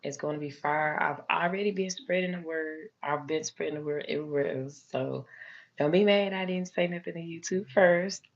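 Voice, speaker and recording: Hoarse, gravelly-voiced woman on a live stream. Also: low voice, normal speed. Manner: chatty, addresses viewers as y'all, many fillers. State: hoarse, lost voice. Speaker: nail technician hosting a live stream. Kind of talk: casual live-stream chat. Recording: dull lo-fi live-stream audio.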